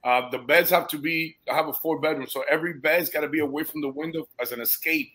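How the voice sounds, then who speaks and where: A man with a bright, forceful voice pitched a little high tells a story to friends in loose conversation. His talk is animated and peppered with casual swearing and dude and bro, and he gets emotionally moved as he goes. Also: fast talker, slightly rough. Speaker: guest, foster parent.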